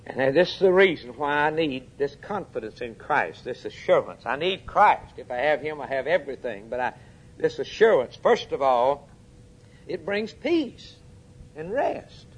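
A man preaching with fervent, emphatic delivery. His voice sits a little high for a man, and he swings from hushed, dropped lines to sudden loud urgent peaks. He asks his listeners questions directly. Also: very animated, unhurried, slightly rough. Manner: addresses the congregation directly with questions. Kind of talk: sermon.

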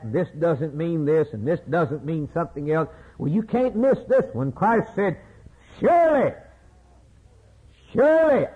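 Husky-voiced man preaching over a tinny line. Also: medium pitch, warm tone. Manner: emphatic, repeats key phrases, retells scripture with acted voices. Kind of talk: sermon. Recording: phone-like lo-fi sermon recording.

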